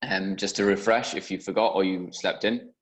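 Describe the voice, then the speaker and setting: A man's voice: low voice, steady tone, normal speed. A man hosting a video call, chatting loosely with lots of fillers and easy laughs. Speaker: host. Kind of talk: casual video call chat.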